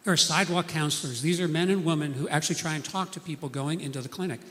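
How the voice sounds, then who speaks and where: A man's voice: on the high side, quick pace, fairly bright tone, big-room sound. A man preaching a sermon, telling stories earnestly and acting out the people he quotes.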